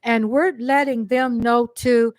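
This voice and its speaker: A grandmother from Texas, chatting effusively on her live stream and breaking into excited squeals. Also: on the high side, takes it slowly, slight background noise. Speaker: livestream host. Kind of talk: casual live-stream chat.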